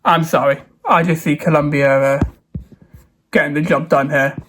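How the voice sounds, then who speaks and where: High-voiced lad thinking aloud. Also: male voice, moderate pace, a little hiss or hum. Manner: animated, thinks aloud, dithers and exclaims. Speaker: football vlogger. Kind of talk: casual solo predictions vlog.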